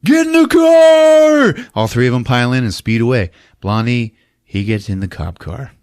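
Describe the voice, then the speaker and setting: A man's voice: fairly low pitch, a little fast, no room sound, clean studio sound. A man hosting a podcast, recapping a movie in a profane, comedic storytelling manner, laughing often. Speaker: podcast host. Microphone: podcast mic.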